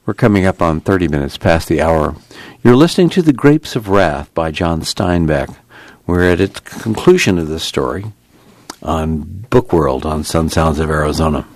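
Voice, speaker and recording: A man hosting a radio reading service, narrating a novel aloud in a measured, even manner. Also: rumbling low, no room sound. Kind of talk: audiobook narration.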